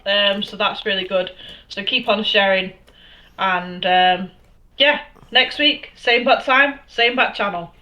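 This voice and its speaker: A woman's voice: medium pitch, bright, forceful tone, lo-fi sound. A woman from Northern England co-hosting a casual online horror chat show, chatty and full of "um" fillers. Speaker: podcast co-host.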